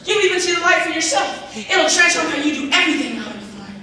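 A man's voice: very high-pitched, expressive, quick pace. A teen boy playing an eager store clerk. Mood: upbeat. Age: teens. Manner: upbeat sales patter. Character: eager young male store clerk, upbeat salesman. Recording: echoey hall from far off, crowd.

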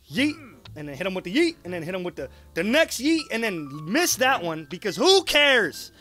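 Young man, gameplay commentary, high voice, bright tense tone, excitable, swings between muttering and yelling. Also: normal speed, faint music behind. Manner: swears, talks to the character. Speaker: gaming YouTuber.

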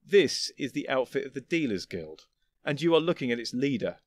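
A man's voice: mid-range voice, big pitch swings, normal speed, dry recording. Man voicing a smug, sly guild chief, cool delivery, dry recording. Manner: smug, coolly challenging. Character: sly, cocky male guild leader.

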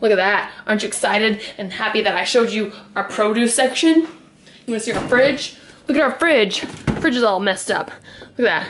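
With a bit of hiss or hum in the background, a young vlogger talks to her camera while moving around the house. Her medium-pitched, fairly bright voice goes fairly quickly, and she rambles and laughs a lot.

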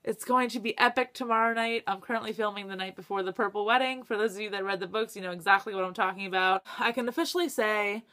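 A young woman talks to camera for her book vlog in a casual, chatty way. Her voice is bright and forward, and she gets excitable, laughs often and swears when stuck. Her pitch sits in a middle range for a woman. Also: quick pace, few pauses. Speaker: book vlogger.

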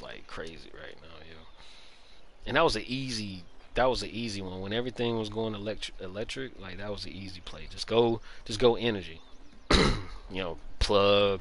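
A man's voice: on the low side, fairly bright tone, a little hiss or hum. A young man chatting casually while streaming a game, with loose slangy banter, greeting his chat and laughing often into a headset mic. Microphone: gaming headset.

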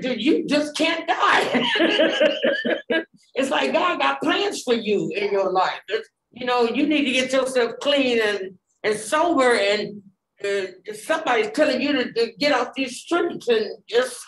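A woman giving an animated personal testimony in a group, acting out the dialogue with many fillers. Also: high-pitched, measured pace, a little hiss or hum. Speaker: Bible study participant. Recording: echoey room.

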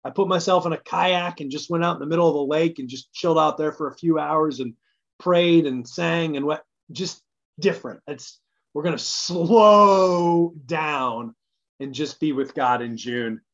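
A pastor talks through plans in a casual midweek church message, sounding eager and conversational as he thinks aloud. His voice sits a little higher than most men's. The recording is muffled and lo-fi, as if captured in a small study. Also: moderate pace, vocal fry. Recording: dull lo-fi recording.

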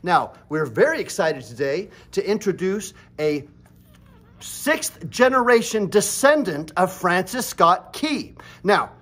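A man's voice: high voice, very animated, slow, fairly bright tone, slightly rough. A man hosting a comedy variety show in a mock-solemn presenter manner. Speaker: host.

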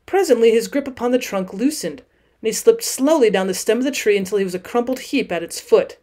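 A woman's voice: a little high, animated, fairly quick, warm tone. Woman reading a classic story aloud. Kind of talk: audiobook narration.

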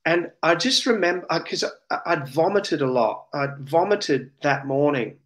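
Australian male guest, slightly high voice, heartfelt testimony delivery. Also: moderate pace. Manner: earnest, emotional, animated retelling. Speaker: interview guest. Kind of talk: personal testimony storytelling.

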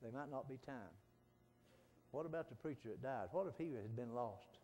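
A middle-aged man, preaching a folksy sermon that swings from soft pleading to loud fervent calls. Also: medium pitch, lively intonation, moderate pace. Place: church sanctuary. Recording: long church reverb.

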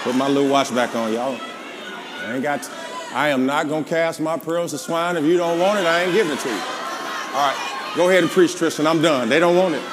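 Southern preacher, man, higher-pitched, shouting call-and-response sermon, live crowd in the room. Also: fairly quick, in a large hall. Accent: Southern American. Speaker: pastor. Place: large church before a live congregation. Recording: live church with crowd and noise. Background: congregation responding.

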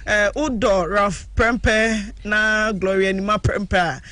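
A man with a Ghanaian accent hosting a casual radio call-in chat, animated and laughing often. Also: sits high, slow, dry recording. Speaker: radio host.

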